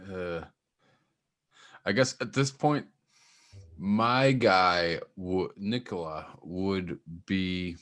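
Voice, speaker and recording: A man's voice: low-pitched, fairly bright tone. A man playing a tabletop game, asking hesitant questions of the game master. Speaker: player. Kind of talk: casual tabletop game talk.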